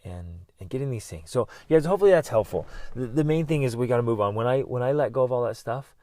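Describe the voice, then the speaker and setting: A man's voice: mid-range voice, fast talker, no room sound. A middle-aged man hosting a podcast, talking alone in an earnest, encouraging way about working through pain. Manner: earnest and encouraging, with bursts of loud yelling. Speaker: podcast host and life coach. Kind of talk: motivational solo talk.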